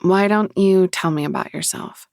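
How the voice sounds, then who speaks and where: A man voicing a guarded young woman with a southern accent, asking soft questions. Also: sits high, normal speed, gravelly, no echo, studio quality, pitched above the performer's own voice.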